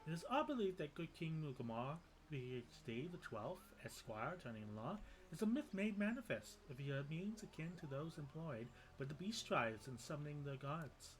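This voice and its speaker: A man's voice: on the high side, sing-song, normal speed, few pauses, voice pushed up, low-quality recording. A man voicing a stately elder woman leader in a game cutscene, speaking in formal, old-fashioned phrasing. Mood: explaining. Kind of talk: reading game cutscene dialogue aloud in voices.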